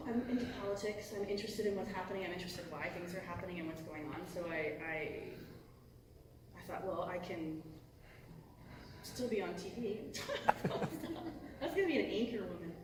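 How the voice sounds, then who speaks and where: A middle-aged voice actress talking casually on a convention panel, rambling and breaking off mid-thought, swearing and laughing often. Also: female voice, mid-range voice, expressive, normal speed, pauses often. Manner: rambling and self-interrupting, cusses, laughs often. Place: large convention hall. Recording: echoey hall from far off, noisy.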